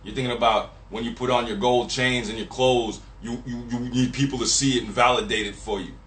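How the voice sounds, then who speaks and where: A man's voice: mid-range voice, steady tone, brisk, fairly bright tone, a little hiss or hum. A man ranting to camera in a profane, emphatic, repetitive and preachy way. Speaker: vlogger. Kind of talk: profane casual rant. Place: Miami. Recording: echoey room.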